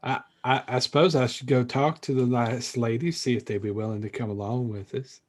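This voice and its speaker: A man doing a prim, genteel gentleman. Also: medium pitch, fairly even intonation, fairly quick, lightly acted. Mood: polite. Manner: put-on genteel accent, hesitant.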